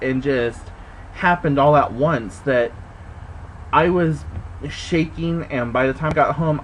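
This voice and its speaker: A man telling a story in a casual vlog, animated and indignant, swearing and jumping high in pitch when he quotes himself. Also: slight background noise, rough recording. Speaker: vlogger. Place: indoors at home.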